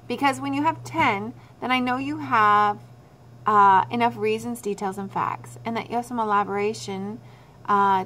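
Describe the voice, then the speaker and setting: A woman's voice: mid-range voice, fairly bright tone, slight background noise. A woman teacher giving a recorded writing lesson to her students. She talks them through their drafts step by step and repeats the key points.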